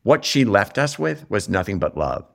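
A middle-aged man talking as an interview guest, telling a personal story in a reflective, animated way, his voice jumping up when he is moved. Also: fairly low pitch, normal speed, vocal fry. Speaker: interview guest, television writer.

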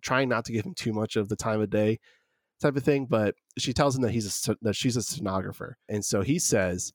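A man casually discussing an old film with a co-host, relaxed and full of filler words. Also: lowish voice, fairly quick, dry recording, clean studio sound.

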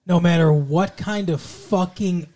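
A man's voice: high voice, unhurried, dark tone. A man co-hosting a podcast, recapping a TV episode in sarcastic, profane, jokey chat. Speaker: podcast co-host.

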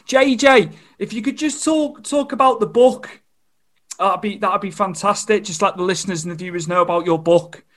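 High-voiced male interviewer, encouraging. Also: normal speed, fairly bright tone. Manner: encouraging, brief prompts. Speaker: interviewer host.

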